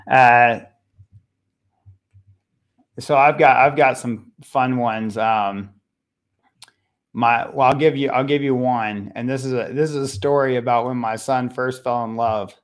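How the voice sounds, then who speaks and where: A middle-aged man, a parenting coach appearing as a podcast guest, speaking conversationally and telling a family story with animated voices for each character. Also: mid-range voice, a little slow. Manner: animated, acts out voices in his stories.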